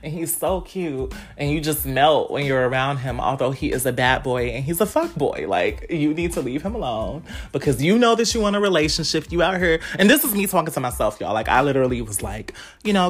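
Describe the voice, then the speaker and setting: A woman's voice: low voice, animated, brisk, hardly any pauses, slightly rough, faint music behind. A young woman hosting a podcast, talking candidly and explicitly in casual slang and speaking straight to her listeners. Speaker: podcast host.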